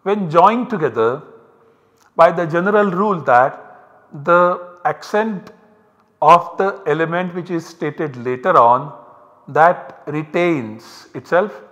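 A man with an Indian English accent gives a university lecture, explaining each step in a measured way and pointing to examples on a slide. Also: on the high side, fairly bright tone. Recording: lecture recorded with long reverb.

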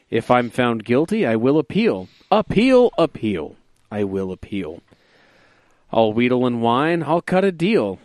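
A man co-hosting a podcast reads a comic verse aloud. He hams it up in a mock radio announcer delivery at an ordinary pitch. The sound is dry and close. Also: dry recording. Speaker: podcast co-host. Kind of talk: reading a comic rhyme aloud.

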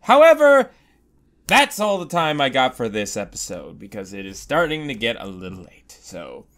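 Excitable, swinging gamer man. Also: mid-range voice, moderate pace. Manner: excitable, yells and taunts at game enemies; profane, jokey. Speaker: let's play gamer. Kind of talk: game commentary.

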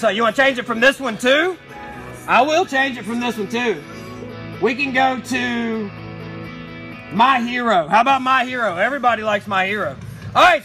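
Very high, bright shouting male streamer. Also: rough recording. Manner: loud shouting, crude and jokey, often roaring. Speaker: live stream host reading chat. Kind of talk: ranting live stream chat. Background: faint music playing.

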